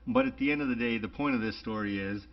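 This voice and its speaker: Animated man telling a story. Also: medium pitch, fast talker, vocal fry. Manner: animated storyteller, acts out dialogue. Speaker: podcast co-host. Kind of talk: casual chat. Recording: dull lo-fi podcast audio.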